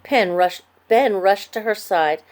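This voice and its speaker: A woman's voice: medium pitch, slow pace. Woman reading a children's story. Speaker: narrator. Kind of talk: scripted narration.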